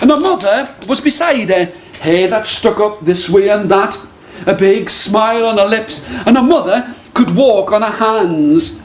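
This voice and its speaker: A middle-aged man telling a story live to an audience, animated and playful, drawing listeners in. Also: high-pitched, moderate pace. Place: live performance venue with audience. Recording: echoey live room with crowd noise.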